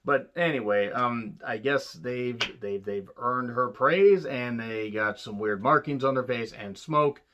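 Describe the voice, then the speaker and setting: A man's voice: medium pitch, unhurried, hardly any pauses, muffled recording, noisy background. A man giving a casual, profane wrestling review, blunt and sarcastic, rambling with restarts.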